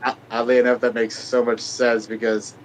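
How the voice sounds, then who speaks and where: A man's voice: mid-range voice, little pitch movement, normal speed, a little hiss or hum. Chatty male player. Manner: chatty, double-checking. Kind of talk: tabletop game chat.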